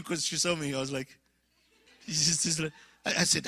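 A middle-aged guest speaker with a husky voice preaches his testimony at a fairly quick pace, acting out dialogue animatedly and giving other people high-pitched voices. The sound is clean studio quality with no echo.

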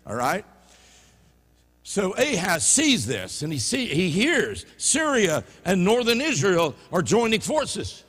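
A pastor with a Louisiana Southern accent preaching a sermon in a church sanctuary, swinging from low murmurs to loud emphatic peaks. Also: male voice, wildly swooping pitch, slow, husky. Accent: Louisiana Southern American. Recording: reverberant church hall.

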